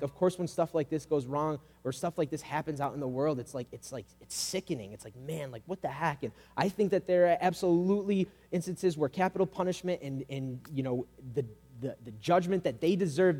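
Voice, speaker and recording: A man with a somewhat high voice preaches in a relaxed, chatty way, peppering his points with "like" and little acted-out quotes. His voice rings out with a long reverb through the hall. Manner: casual and conversational, acting out quoted voices. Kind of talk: sermon.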